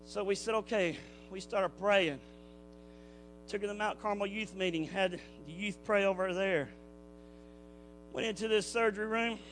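High-voiced preacher testifying fervently. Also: male voice, fairly bright tone, slight background noise. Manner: fervent, folksy, preacherly cadence. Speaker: church speaker giving testimony. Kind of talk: Pentecostal testimony sermon. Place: church building.

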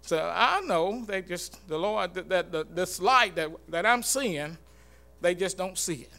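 A man giving an earnest, halting church talk in an informal sermon style, with many fillers and restarts. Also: sits high, animated, gravelly, pushed and bright. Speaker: church speaker.

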